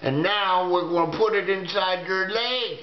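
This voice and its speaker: A man's voice: high-pitched, a little slow, roomy sound, dull audio. A man voicing a menacing male alien abductor who scolds his captive in a stern, threatening way. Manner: stern, repeats "boy" to scold.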